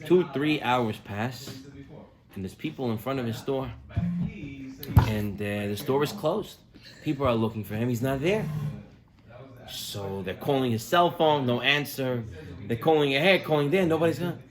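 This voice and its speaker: A man preaching as a rabbi, telling a story with lively acted-out voices. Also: moderate pace, pauses often, crowd noise. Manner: animated, acts out quoted voices with big pitch jumps. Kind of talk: sermon storytelling.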